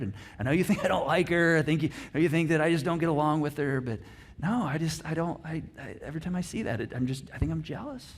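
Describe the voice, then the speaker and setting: A man preaching a conversational sermon as a pastor, acting out inner dialogues with easy laughs. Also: on the high side. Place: church auditorium.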